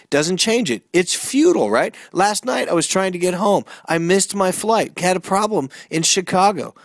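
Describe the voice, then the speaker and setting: Male motivational host, middle-aged, higher voice, punchy rhetorical questions, dry close sound. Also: gravelly, no echo. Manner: energetic, storytelling, emphatic rhetorical questions. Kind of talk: motivational talk.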